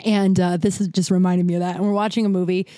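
A woman's voice: fairly low pitch, level tone, fast talker, mellow, no room sound, studio quality. A young adult woman hosting a solo podcast, telling candid, self-deprecating stories in a rambling, jokey way while short of breath. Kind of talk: rambling casual monologue.

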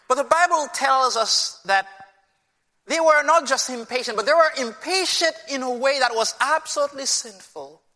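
A man's voice: very high-pitched, expressive, normal speed, sharp tone, long reverb tail. A man preaching a sermon with emphasis, often putting rhetorical questions to his listeners.

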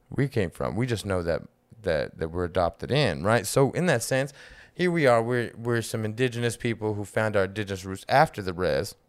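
A man co-hosting a casual podcast chat, speaking in loose slang, cursing freely and repeating words as he works toward his point. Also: lowish voice. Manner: loose slangy talk, swears freely, stumbles over repeated words when making a point. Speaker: podcast co-host.

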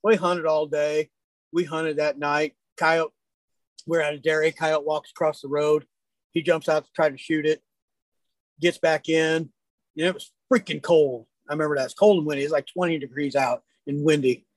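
A man who works as a hunting guide, telling folksy, lively stories in a casual chat. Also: on the high side, normal speed, no echo. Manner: animated, folksy storyteller. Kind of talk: casual storytelling.

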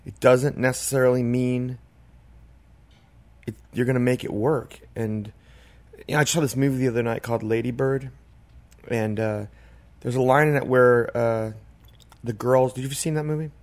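A man's voice: medium pitch, fairly even intonation, moderate pace, long pauses. A man in casual podcast chat, talking in a reflective, rambling way with many "like" and "you know" fillers. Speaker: podcast co-host.

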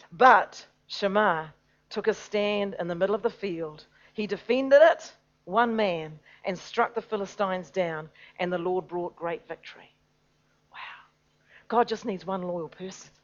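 Preaching woman, loud then hushed. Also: mid-range voice, dull audio. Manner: swings between loud urgent stress and hushed near-whispers. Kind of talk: sermon.

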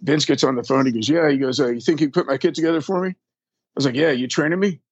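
Man, husky and dry, easygoing storyteller with salty language, voices the people he quotes. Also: mid-range voice, racing, dry recording, dull audio. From Texas. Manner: rambling, profane, acts out quoted people. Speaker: drum tech. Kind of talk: casual storytelling interview.

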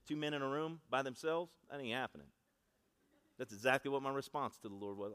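Storytelling preacher in an echoing hall. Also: male voice, mid-range voice, fairly quick, fairly bright tone, clear, resonant tone. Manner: conversational storytelling, asks congregation to repeat after him. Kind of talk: sermon. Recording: long reverb of a large hall.

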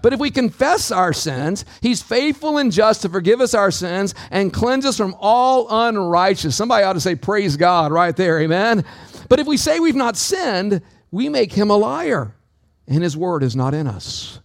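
A man's voice: high-pitched, big pitch swings, moderate pace, no echo, studio quality. A man preaching a sermon as pastor, calling out to the congregation with a dynamic, swinging delivery. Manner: preaching with call-outs to the congregation.

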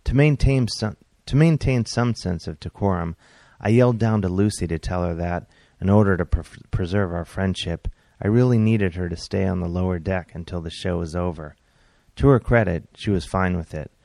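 A man, a comedian and author, reading his own comic story aloud in a wry, deadpan way with bursts of exasperation. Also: low voice, normal speed, creaky, no echo.

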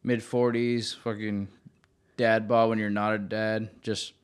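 A man's voice: on the low side, level tone, clear, resonant tone. A young man co-hosting a podcast, chatting casually and rambling with lots of fillers. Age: young adult. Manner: rambling, fast, filler-heavy talk. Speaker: podcast co-host. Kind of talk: casual chat.

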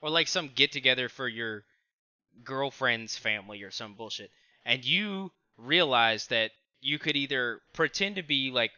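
A man chatting as a podcast guest, his voice very bright and crisp on a dull, dry, lo-fi recording. He rambles and curses, looping back on his thoughts. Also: mid-range voice, measured pace, no room sound. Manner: rambling, profane, trails off. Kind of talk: casual chat.

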